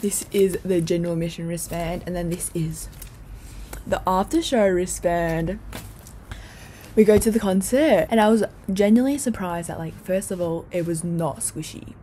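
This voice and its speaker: A woman's voice: on the low side, normal speed, a little hiss or hum. Chatty young woman telling a story. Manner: chatty and excitable, swears casually, lots of "like". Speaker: vlogger. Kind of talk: casual storytelling to camera.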